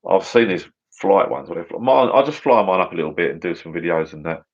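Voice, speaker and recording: A middle-aged Englishman with a deep voice talks quickly as he hosts a casual livestream from his garden bar. He rambles in a matey way, chatting and reading out viewer comments. The livestream audio is dull and lo-fi.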